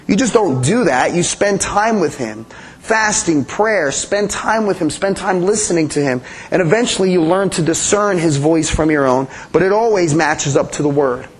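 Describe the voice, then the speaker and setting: A man with a notably high voice teaches a sermon in a conversational way. He keeps asking his congregation questions and approving their answers, with lively emphasis. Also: moderate pace, poor audio. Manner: animated emphasis, playful sound effects. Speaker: pastor.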